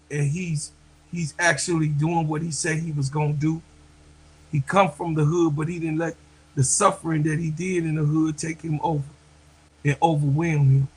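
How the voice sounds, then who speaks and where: Slow, husky-voiced man thanking viewers. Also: on the high side, fairly bright tone, poor audio. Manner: slow, heartfelt, repeats phrases. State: emotional, near tears. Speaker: livestream host. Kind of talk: emotional livestream chat to viewers.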